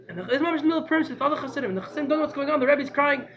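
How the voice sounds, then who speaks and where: Fast, high, excitable male storyteller. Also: highs cut off. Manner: animated, excitable, repeats phrases for emphasis. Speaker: teacher. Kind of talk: storytelling class.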